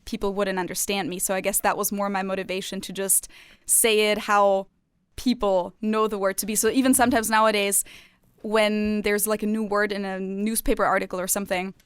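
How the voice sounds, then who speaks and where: A woman's voice: medium pitch, flat delivery, a little fast, clean tone, no room sound, studio quality. A young woman from Germany with a light German accent, chatting casually as a podcast co-host and laughing at herself often. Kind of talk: casual chat.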